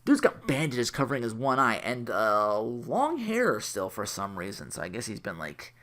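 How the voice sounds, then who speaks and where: A man's voice: medium pitch, sing-song, moderate pace, a bit bright. A man giving a casual, rambling, jokey anime review, correcting himself and laughing as he goes.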